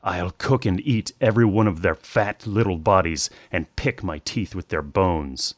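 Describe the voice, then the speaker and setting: A spiteful old witch snaps and grumbles in a hoarse, deep voice, as a man puts her on. She is hunched and crabby, muttering about the neighbourhood children. The storybook reading sounds dry and close. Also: moderate pace, no room sound. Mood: grumbling. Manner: grumbling, snappish.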